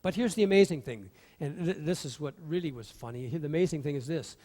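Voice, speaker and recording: An animated male pastor preaching in a church, his voice sitting a touch high for a man. A long reverb trails each phrase through the hall. He acts out the voices in the stories he tells. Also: a little fast. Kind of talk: sermon. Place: church sanctuary.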